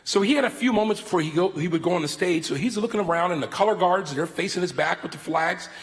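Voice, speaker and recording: A man in his fifties giving a sermon as guest speaker, telling stories in an animated, theatrical way into a stage microphone in a large worship hall. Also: high voice, fast talker. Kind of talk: sermon with storytelling. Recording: long reverb of a large hall.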